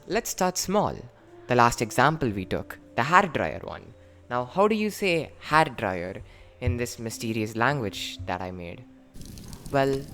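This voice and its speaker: A man casually and playfully explaining his invented language, joking and jumping up in pitch for emphasis. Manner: jokey, animated, with sudden lifts in pitch.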